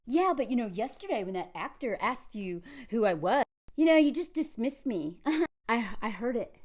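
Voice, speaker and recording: A woman commenting on a film in a casual vlog, animated and sarcastic, breaking into acted quotes. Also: on the high side, normal speed.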